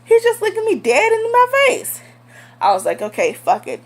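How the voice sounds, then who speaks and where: A woman's voice: very high voice, huge pitch swings, normal speed. A young woman telling a storytime vlog in a blunt, heated, profane way. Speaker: vlogger.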